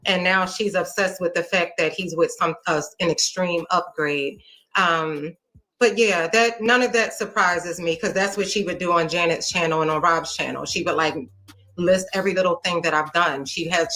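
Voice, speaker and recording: A woman talking as a livestream guest, composed and measured as she defends herself. Her voice sits on the lower side and sounds bright and clear. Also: poor audio. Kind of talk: livestream conversation.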